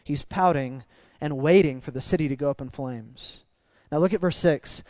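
Guy preaching a sermon, really animated, highish voice, dry close sound. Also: moderate pace, dry recording. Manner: animated, emphatic preaching with repeated restarts. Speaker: pastor.

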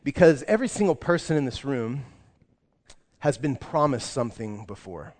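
A man's voice: mid-range voice, sing-song, moderate pace, darkish tone. Young male pastor preaching casually. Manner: casual storytelling, then earnest and subdued. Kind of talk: sermon. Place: church sanctuary. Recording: long reverb of a large church room.

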